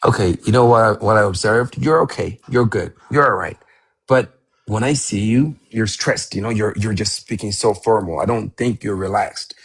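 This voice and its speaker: Gravelly, husky man coaching English. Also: lowish voice, normal speed. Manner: lively, encouraging, coaching, acts out examples. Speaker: English teacher and host. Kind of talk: live coaching session.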